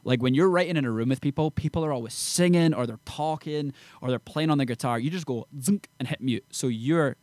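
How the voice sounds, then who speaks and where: A young Englishman rattles through his stories at a quick clip, full of slang and energy. His voice sits at an ordinary pitch and is recorded dry and close. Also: no room sound. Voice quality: fast, animated storytelling with slang. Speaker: songwriter guest. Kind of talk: casual chat.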